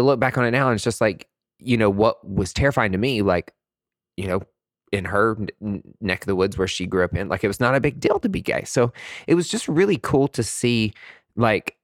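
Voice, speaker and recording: Brief: flamboyant man, low voice with wild pitch swings, dry close mic, personal storytelling. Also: dry recording. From East Tennessee, USA. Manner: animated, flamboyant, jumps into high falsetto for quotes.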